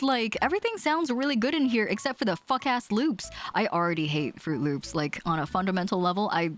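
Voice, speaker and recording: A woman's voice: mid-range voice, animated, brisk, few pauses, a bit bright. A woman streamer chatting casually on a livestream, giggling often, joking crudely and rambling with lots of fillers and restarts.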